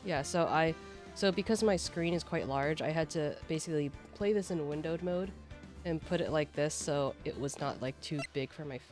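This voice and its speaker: Low-voiced woman streamer, chatty. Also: normal speed, darkish tone, soft background music. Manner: rambling, chatty explanations. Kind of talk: casual gameplay commentary.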